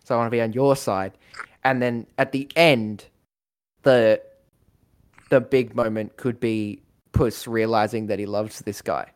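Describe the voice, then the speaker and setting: A man in casual chat, rambling through a story idea with lots of fillers and quick acted-out lines. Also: medium pitch, fairly even intonation.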